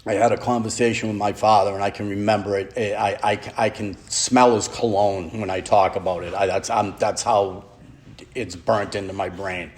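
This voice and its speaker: A middle-aged man, a police officer telling his faith story to a retreat group, halting and heartfelt with many stammered restarts. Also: lowish voice, fairly even intonation. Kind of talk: personal testimony to a men's retreat.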